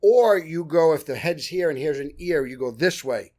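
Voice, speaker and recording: A man's voice: a little high, lively intonation, normal speed, mellow. A man with a Brooklyn accent, a guest actor telling blunt, profane stories and acting out the scenes. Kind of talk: animated storytelling.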